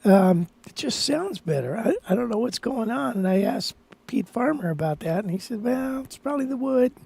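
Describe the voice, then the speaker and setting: Man, guitar teacher, casual live-stream chat, rambling, gravelly, breathy. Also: high-pitched, sing-song, moderate pace, a little mellow. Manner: rambling, thinks aloud with restarts.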